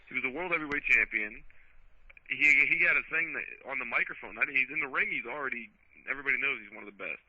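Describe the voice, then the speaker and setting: A man co-hosts a casual talk radio show, talking very fast in a blunt, profane way. His voice sounds dry and close, with dull lo-fi sound. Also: medium pitch, dry recording. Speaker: radio co-host.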